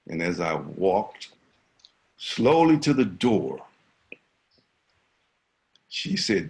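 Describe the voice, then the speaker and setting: An older man telling a personal story vividly, swinging from loud to hushed. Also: low voice, lively intonation, a little slow, gravelly, long pauses. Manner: vivid, dramatic, shifts between loud and hushed.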